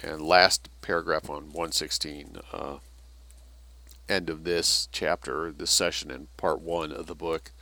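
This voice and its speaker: Man reading a book aloud, sharp tone. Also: rumbling low, flat delivery, measured pace, no room sound. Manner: reads passages then adds asides.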